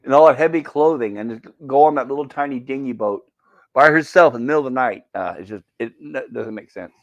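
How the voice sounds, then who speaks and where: A man's voice: medium pitch, quick pace. Chatty man on a dull lo-fi line. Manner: chatty, many restarts and asides. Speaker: chat-reading co-host on a game stream. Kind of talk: casual rambling chat.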